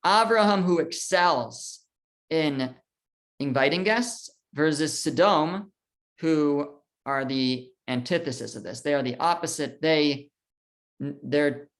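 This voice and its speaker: A rabbi teaching a casual class, reading verses aloud and explaining them conversationally with fillers and restarts. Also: male voice, on the high side. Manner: conversational, with fillers, restarts, and lively quoted dialogue.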